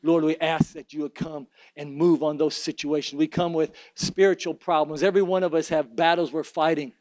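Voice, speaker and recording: A man's voice: a little high, fairly even intonation, a little fast, darkish tone, dry recording, poor audio. A man preaching a sermon and leading an altar prayer, fervent and emphatic, with repeated phrases.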